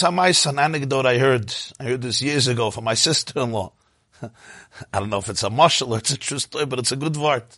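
Man, sermon, bright tone, dry recording. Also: fairly high pitch, dry recording. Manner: animated storytelling, rising to emotional peaks. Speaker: rabbi.

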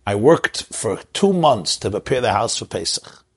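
A man's voice: lowish voice, very animated, moderate pace, slightly rough. A man, a rabbi from Crown Heights, telling an emotional story in a sermon and mixing in Yiddish and Hebrew words. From Crown Heights, Brooklyn.

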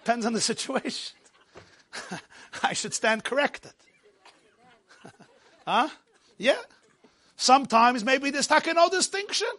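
A man teaching a Torah class, animated and joking, mixing Yiddish and Hebrew words into his English while telling stories. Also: very high voice, slow pace, pauses often. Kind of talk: lecture with storytelling.

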